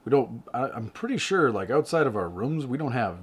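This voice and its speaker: A man's voice: mid-range voice, big pitch swings, brisk, slightly rough. A man playing a tabletop game, chatting casually with frequent restarts and laughs. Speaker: player.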